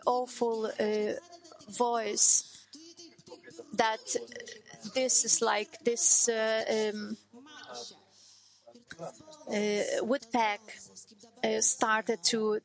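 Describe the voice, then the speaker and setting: Halting, higher-voiced woman telling a story. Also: low-quality recording. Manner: halting, hesitant, many filler sounds and restarts; non-native English phrasing. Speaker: mother giving a testimony. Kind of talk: personal testimony storytelling.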